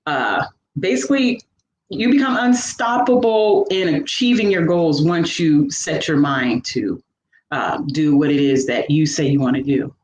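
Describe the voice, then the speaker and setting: A woman, a fitness coach and veteran, telling her personal story in a lively, motivational way during a live interview. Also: low voice, a little slow. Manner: animated, motivational, acts out her own inner voice. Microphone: live video call. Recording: echoey room with faint background noise.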